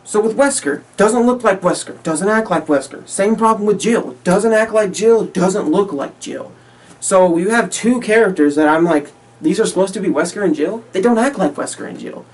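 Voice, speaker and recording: A man's voice: sits high, lively intonation, normal speed. A man giving a casual spoken movie review, ranting in exasperation, repeating himself, swearing often and laughing between points. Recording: voice a little far from the mic.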